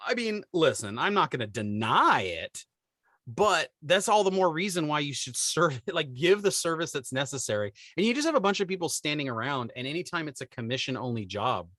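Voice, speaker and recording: Bright-voiced man telling stories. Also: a little high, a little fast, no echo, studio quality. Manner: animated storyteller, acts out quoted people. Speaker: podcast co-host. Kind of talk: casual chat.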